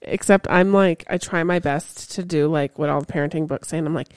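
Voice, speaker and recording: A woman's voice: low voice, fairly quick, hardly any pauses, a little hiss or hum. A young mother co-hosting a podcast, talking frankly and bluntly in casual chat. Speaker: podcast co-host and mother of a toddler.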